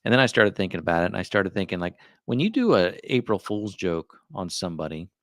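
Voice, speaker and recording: Low-voiced middle-aged man, rambling live chat. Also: sing-song, fast talker, no echo, clean studio sound. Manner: rambling, musing aloud with many asides. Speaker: livestream host.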